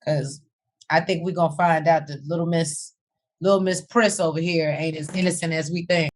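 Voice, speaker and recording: A woman's voice: deep voice, steady tone, normal speed, slight background noise. A woman co-hosting a TV review chat, commenting bluntly with slang and swearing. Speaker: co-host reviewing a TV episode. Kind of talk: casual recap chat.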